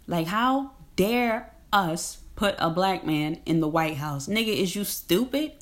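A woman's voice: lowish voice, expressive, unhurried. A woman talking in a casual, rambling monologue. She is emphatic and slangy, laughs often, and repeats herself.

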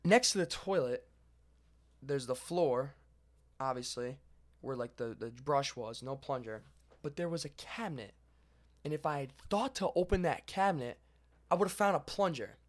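A young man casually telling a long story to a friend, animated and swearing as he goes. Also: medium pitch, normal speed, pauses often. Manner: animated, swearing, lively retelling.

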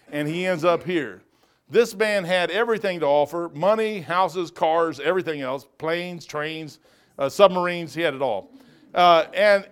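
A male pastor teaching a Bible study, preaching emphatically with folksy stories. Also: a little high.

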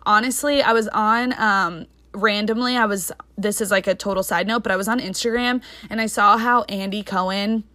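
A young adult woman hosting her own podcast in casual solo chat, talking fast and rambling with lots of fillers. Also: mid-range voice, steady tone, sharp tone, dry recording. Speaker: podcast host.

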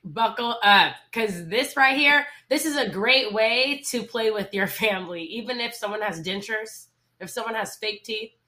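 Young woman cohost, bright crisp voice, tiny lisp, upbeat and chatty to the listeners. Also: fairly high pitch, normal speed, few pauses. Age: young adult. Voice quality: slight lisp from dental aligners. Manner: upbeat, talks straight to listeners. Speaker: podcast co-host. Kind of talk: casual chat.

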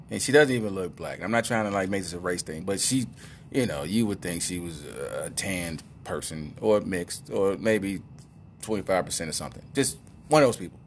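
A man's voice: low-pitched, a little hiss or hum. A man telling a family story in a casual, slangy monologue, laughing at his own tale.

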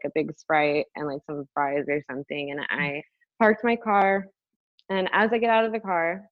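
A woman's voice: fairly low pitch, no room sound, dull audio. Chatty woman telling a wild story. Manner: animated, swearing, lots of "like" fillers. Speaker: guest telling a personal story. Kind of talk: casual storytelling.

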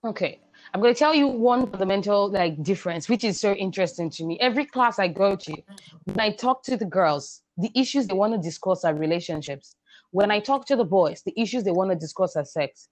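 Measured, explanatory woman educator. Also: medium pitch, animated, no echo. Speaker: guest, sexual and reproductive health educator. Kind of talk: podcast conversation.

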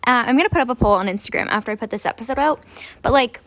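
A woman's voice: on the high side, expressive, racing, fairly bright tone. Chatty young woman podcaster. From Ontario, Canada. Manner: chatty, swearing, self-deprecating asides. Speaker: podcast host. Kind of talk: casual true-crime podcast narration.

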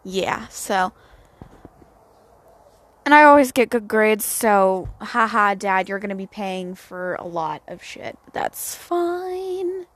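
Outdoors near home at sunset, a late-teen girl vlogger rants casually into her phone, blunt, profane and self-mocking. Her mid-range voice has a fairly bright tone, and she takes things slowly.

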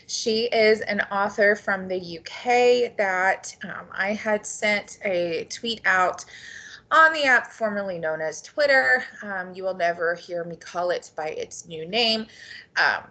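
A woman's voice: medium pitch, slow, pushed and bright. A woman hosting a book podcast, introducing the show and chatting with a guest in an enthusiastic, chatty way. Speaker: podcast host. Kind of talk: podcast intro and casual interview.

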